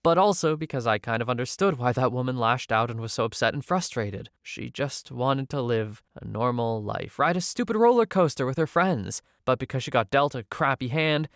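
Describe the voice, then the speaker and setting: A man's voice: mid-range voice, normal speed, hardly any pauses, fairly bright tone, no echo, clean studio sound. A man reading online stories aloud and adding casual, wry commentary between them. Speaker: story narrator and commentator.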